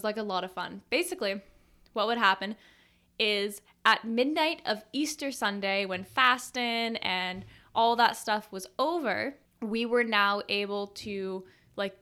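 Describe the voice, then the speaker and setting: A woman's voice: fairly high pitch, sharp tone. A young woman hosting a podcast, telling childhood stories in a chatty, casual way with many "like" fillers. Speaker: podcast host. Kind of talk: casual personal storytelling.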